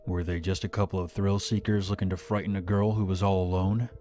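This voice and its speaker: Low-voiced man narrating a horror story. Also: flat delivery, fairly quick, mellow, soft background music.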